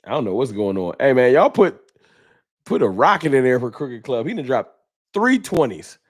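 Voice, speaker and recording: A man's voice: medium pitch, sing-song, normal speed. Slangy man hosting a fan livestream. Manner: loose, slangy, reads chat donations aloud. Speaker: fan talk show host. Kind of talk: casual livestream sports talk.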